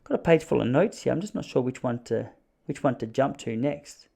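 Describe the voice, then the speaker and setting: A man's voice: mid-range voice, expressive, brisk, gravelly, mellow, slightly rough. A man in his thirties with an Australian accent, hosting a podcast as a wry, rambling solo monologue. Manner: rambling, wry, riffs with mock dialogue. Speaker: podcast host.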